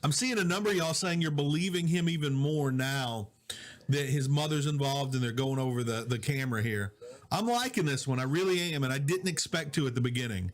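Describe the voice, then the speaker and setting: A man from Southwest Louisiana, hosting a casual live stream from his home office, chatting with viewers and reading their comments, on a quiet, low-volume mic. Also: lively intonation, brisk. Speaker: digital host. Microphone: low-volume mic with problems.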